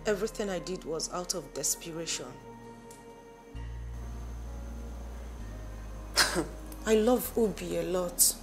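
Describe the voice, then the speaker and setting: A woman's voice: lowish voice, moderate pace, music in the background, natural voice. An actress playing a scheming, obsessed young woman who speaks sharply and defiantly. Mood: confessing.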